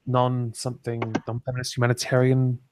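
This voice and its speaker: A man's voice: medium pitch, monotone, brisk, a little mellow, slight background noise. A man from England hosting a casual stream chat, wry and self-mocking, often laughing. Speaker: stream host.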